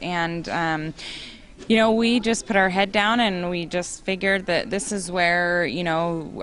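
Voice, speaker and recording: A woman in her forties, an interview guest, sharing an emotional personal testimony with earnest warmth and occasional laughter. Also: on the low side, slight background noise.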